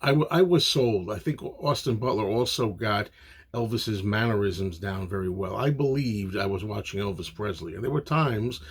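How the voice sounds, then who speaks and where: A man's voice: lowish voice, expressive, moderate pace, breathy edge. A man giving a casual, opinionated spoken movie review, rambling with frequent fillers.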